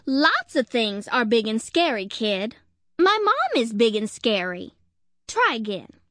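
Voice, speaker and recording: A woman's voice: on the high side, sing-song, slow, a bit bright, no echo, clean studio sound, heavily acted. A woman voicing a small female chick detective who talks bluntly and impatiently. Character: tough, no-nonsense little chick detective girl.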